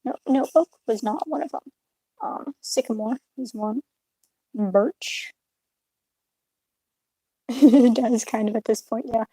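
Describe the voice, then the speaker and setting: A woman's voice: a little high, slow, long pauses, mellow, husky, no echo, low-quality recording. A young woman streaming her art, chatting casually with viewers in a rambling, absent-minded way from a hotel room. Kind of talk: casual chat with live chat while drawing.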